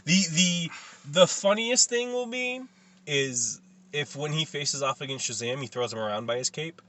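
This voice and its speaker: A man's voice: a little high, lively intonation, moderate pace, a bit bright, slight background noise. A man co-hosting a casual pop-culture chat, opinionated and cynical in his takes. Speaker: podcast co-host.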